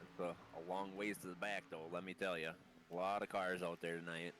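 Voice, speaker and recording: A man's voice: deep voice, flat delivery, fairly quick, a bit bright, a little hiss or hum. A man calling a sim race live, sounding under the weather and muffled, stumbling over hard names. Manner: reads a long lineup, stumbling on names. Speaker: race commentator. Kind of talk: live sim racing commentary.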